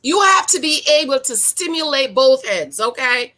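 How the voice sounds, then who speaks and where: A woman talks in a high, bright voice, recapping a show in a loose, chatty way. She speaks frankly and with energy, and often turns to give pointed advice to women. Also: expressive, normal speed. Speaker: reality-show reviewer. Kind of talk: casual video commentary.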